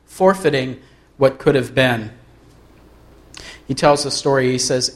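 A man preaching a sermon as pastor, reading aloud from a book and slowing down to stress key words. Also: medium pitch. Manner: earnest, slows down for emphasis.

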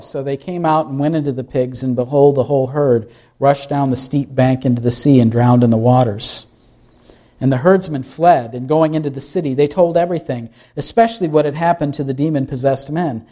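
A pastor's mellow voice, a little high, moves at normal speed through his sermon. He reads scripture aloud, then asks the congregation questions while unpacking it.

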